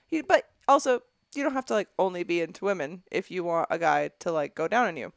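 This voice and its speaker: Gravelly-voiced woman, blunt and profane. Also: fairly low pitch, animated, normal speed, fairly bright tone, no room sound, studio quality. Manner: blunt, profane, disgusted commentary with frequent laughs. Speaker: podcast co-host. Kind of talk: casual podcast chat, reading a listener letter aloud. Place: podcast studio.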